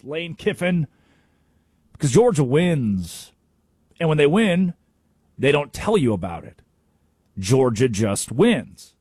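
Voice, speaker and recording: A man's voice: fairly high pitch, animated, slow pace, pauses often, a little mellow, slightly rough, no echo, studio quality. A man hosting a sports talk radio show, delivering an emphatic, opinionated monologue.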